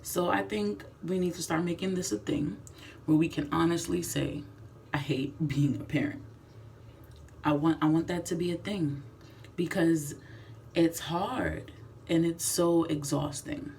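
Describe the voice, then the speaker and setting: A woman's voice: on the low side, unhurried, creaky, a little mellow, recorded from a distance, a little hiss or hum. A young woman filming a candid confessional vlog in her bathroom, speaking frankly and emphatically, sometimes dropping to a whisper. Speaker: vlogger. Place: home bathroom.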